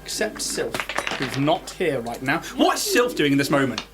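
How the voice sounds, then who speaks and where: A game master narrating a tabletop game, describing scenes like camera shots in a lively, casual way. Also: medium pitch, moderate pace, background noise.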